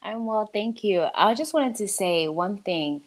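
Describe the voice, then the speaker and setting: A woman's voice: medium pitch, expressive, measured pace. Sassy woman caller from New York. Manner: sassy, blunt, laughing. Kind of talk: casual call-in commentary.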